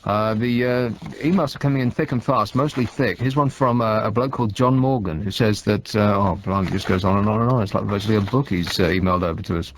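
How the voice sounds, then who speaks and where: A man's voice: on the low side, quick pace, hardly any pauses, slight background noise. A man hosting a late-night radio phone-in, talking in a dry, sarcastic, rambling way. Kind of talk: casual radio chat. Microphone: studio microphone.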